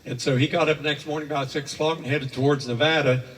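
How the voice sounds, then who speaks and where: A man's voice: fairly high pitch, steady tone, quick pace, fairly bright tone, slight background noise. Older man telling folksy tales in a hall. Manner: rambling, homespun, with many fillers. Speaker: storyteller. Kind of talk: folksy spoken storytelling. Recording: echoey hall from far off.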